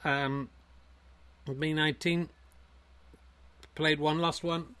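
A man voicing a smug, successful version of himself who brags in a lazy, relaxed drawl. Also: a little high, slow pace, smooth. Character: smug, laid-back successful man, self-satisfied show-off.

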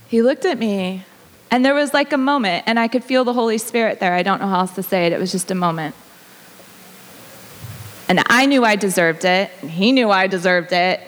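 A woman in her thirties shares a personal story as part of a sermon, speaking in a casual, conversational way. She laughs easily between lines, her voice at an ordinary middle pitch. The sound carries the long reverb of a large church hall. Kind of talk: sermon testimony.

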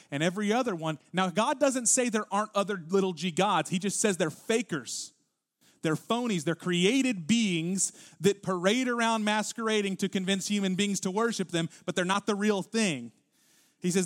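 A man preaching a sermon as pastor, reading scripture with deliberate weight and growing louder when he stresses a point. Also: high-pitched.

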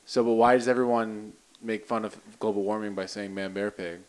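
Male co-host, slightly low voice, rambling comic chat. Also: steady tone. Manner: joking, rambling, quick asides. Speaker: podcast co-host. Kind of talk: casual chat.

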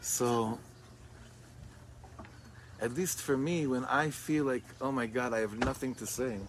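A middle-aged man, a rabbi, gently leading a guided meditation outdoors and chanting a melody, speaking in a halting way as he searches for words. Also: mid-range voice, a little hiss or hum. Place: outdoors among greenery with birds. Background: birdsong and music.

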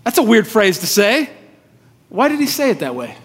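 A man's voice: sits high, very animated, moderate pace, breathy edge. A man preaching a sermon as pastor, casual and conversational, with informal asides. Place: church hall. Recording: long reverb of a large hall.

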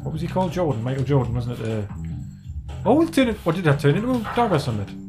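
A man's voice: a little high, very animated, fast talker, over music. A young man, chatting and giggling while playing a video game with a friend on a podcast. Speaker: podcast co-host.

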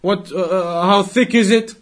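High-voiced male religious teacher. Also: fairly even intonation. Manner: questions the audience, repeats words slowly for emphasis. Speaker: Islamic teacher. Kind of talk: religious lesson to a class.

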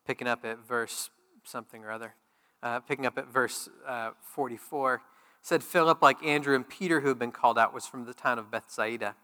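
A man preaching a sermon as pastor, speaking plainly and then rising to loud, emphatic peaks. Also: mid-range voice, a little fast, long reverb tail.

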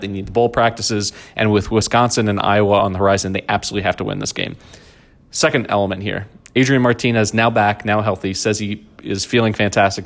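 Low-pitched male podcast host, jokey and rambling, casual sports talk.

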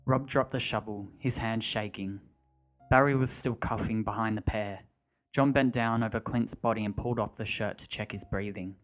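A man narrating a story, reading in a measured, steady way. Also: lowish voice. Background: faint music.

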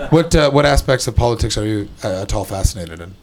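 A man's voice: fairly low pitch, lively intonation, fast talker, heavy background noise. A man doing improvised stand-up on a club stage, teasing the audience with a wry, swearing, handheld-mic delivery. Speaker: stand-up comedian. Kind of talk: improvised stand-up with crowd work.

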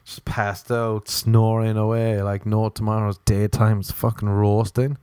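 A man's voice: lowish voice, little pitch movement, measured pace, warm tone, clear, resonant tone, no echo, studio quality. A man hosting a solo comedy podcast, rambling through crude, self-mocking observations. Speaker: podcast host.

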